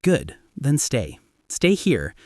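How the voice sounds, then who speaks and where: A male narrator puts on a guarded billionaire CEO, calm and quietly tense, with a dry teasing edge. The read is close and dry, with no room around it, and sits at an ordinary middle pitch for a man. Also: takes it slowly, dry recording. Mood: tender. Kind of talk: audiobook story narration.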